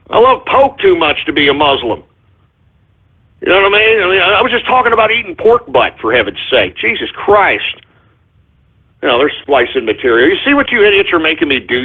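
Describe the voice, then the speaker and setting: A brash, foul-mouthed man hosting a live internet radio rant. His voice sits high and sounds husky. It comes through a thin, phone-like, lo-fi channel. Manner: brash, profane and mocking, with sudden shouts. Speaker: radio show host.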